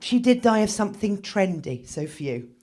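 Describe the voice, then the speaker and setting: A woman, performing a stand-up set in a wry, dark, self-mocking way with sudden loud bursts. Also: medium pitch, very animated, moderate pace. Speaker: stand-up comedian.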